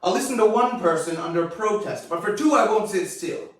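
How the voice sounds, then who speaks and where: A man's voice: sits high, expressive, brisk. A man doing a pompous, blustering old director. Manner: indignant, condescending, blustering. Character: pompous aging male film director, irritable. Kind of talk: comic impression of a famous director's outtake. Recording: echoey room from far off.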